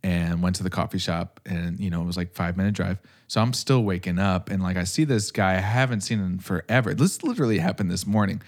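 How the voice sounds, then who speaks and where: A man's voice: low-pitched, fast talker, hardly any pauses. A young man casually chatting as a podcast co-host, rambling with lots of fillers and frequent laughs. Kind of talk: casual chat.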